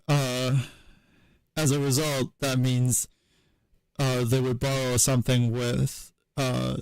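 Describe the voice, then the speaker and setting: Man, slow unhurried talk, halting with self-corrections, thinking aloud on a stream, dry close sound. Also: medium pitch, vocal fry, a little mellow, no echo, rough recording. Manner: halting and hesitant, many fillers and self-corrections. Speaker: streamer explaining historical linguistics. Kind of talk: unscripted live-stream explanation.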